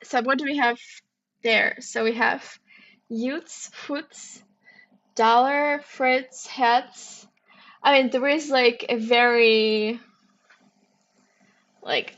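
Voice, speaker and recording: A woman's voice: a little high, steady tone, slow pace, fairly bright tone, muffled recording. A woman hosting a casual livestream, musing aloud and chatting playfully as she solves puzzles. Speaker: livestream host solving puzzles.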